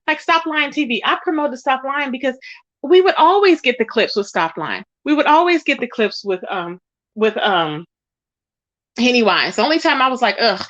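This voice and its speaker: A woman hosting a casual livestream, gossiping and reading out chat comments in an animated way. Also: dry recording, dull audio. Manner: animated, quotes people with rising pitch. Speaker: livestream host.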